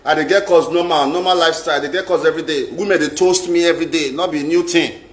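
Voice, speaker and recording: A man's voice: a little high, fairly even intonation, fast talker. A middle-aged Nigerian man telling a personal story in a vlog. He talks dramatically, repeats lines for emphasis and mixes in Pidgin. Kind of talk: animated storytelling monologue. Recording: roomy echo.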